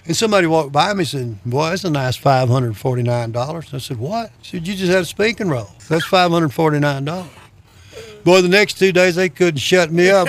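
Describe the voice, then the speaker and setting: A man's voice: on the high side, fairly quick, slight background noise. Folksy man spinning yarns. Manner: folksy, self-deprecating, chuckles between lines. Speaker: guest telling stories. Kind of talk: casual anecdotal storytelling.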